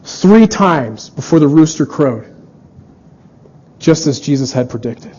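An earnest male preacher with a fairly high, mellow voice. He delivers a sermon and acts out quoted dialogue as he goes. The recording sounds dull and lo-fi. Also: animated, slow, breathy edge.

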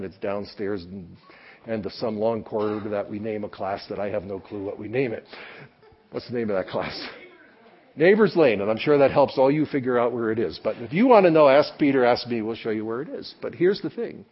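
A man's voice: on the low side, breathy edge, dull audio. A man, a pastor, preaching a sermon to his congregation in a folksy, earnest way. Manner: folksy, earnest, acts out quotes. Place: church, before a congregation.

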